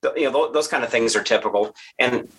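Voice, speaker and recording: A man's voice: medium pitch, quick pace, fairly bright tone, slight background noise, low-quality recording. A man being interviewed as a festival organizer, explaining his plans earnestly, with frequent restarts. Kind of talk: casual interview chat.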